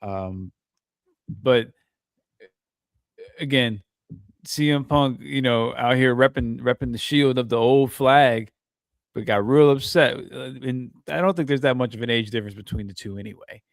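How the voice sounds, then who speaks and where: A man co-hosting a podcast, weighing in on a wrestling show in a relaxed, halting way. His voice sits in a middle register, and the sound is dry and close to the mic. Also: medium pitch, creaky, dry recording. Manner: laid-back, hesitant with fillers. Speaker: podcast co-host. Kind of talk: wrestling recap commentary.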